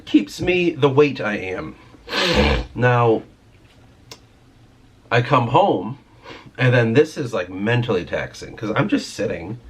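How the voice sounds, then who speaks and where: His voice is mid-range and slightly rough, swinging widely in pitch, and he speaks slowly with long pauses. This vlogger and writer is frustrated about his job and his writing, rambling through a casual video and swearing freely.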